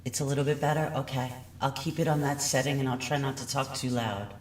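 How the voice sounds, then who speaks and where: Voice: medium pitch, fairly even intonation, brisk. Chatty livestream host in an echoey room. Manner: chatty and apologetic, often checking the audio. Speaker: true crime channel host. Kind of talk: casual livestream chat. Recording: echoey room audio, distant mic, faint noise.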